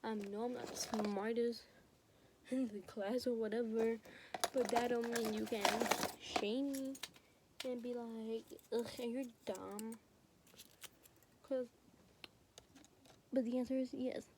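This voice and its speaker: A woman's voice: on the high side, level tone, a little slow, long pauses, noisy background. A teenage girl vlogger telling a school story in casual storytime chat, rambling with lots of fillers, recorded on a phone. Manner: rambling, heavy use of fillers like "like" and "you know". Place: home, recording while doing nails.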